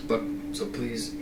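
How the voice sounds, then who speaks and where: A man voicing a nervous, timid male shopkeeper with glasses, who speaks quietly and stammers. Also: mid-range voice, reverberant.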